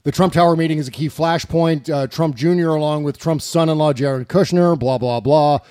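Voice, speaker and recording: A man's voice: on the high side, brisk, dark tone, no room sound, clean studio sound. A man hosting a political talk show, reading the news aloud with silly, mocking asides and frequent giggles. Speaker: podcast host.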